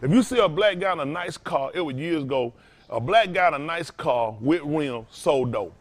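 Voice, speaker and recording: Preaching man, emphatic and loud. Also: a little high, lively intonation, normal speed. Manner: loose, emphatic, rising to loud bursts. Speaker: pastor. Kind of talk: preaching to a congregation.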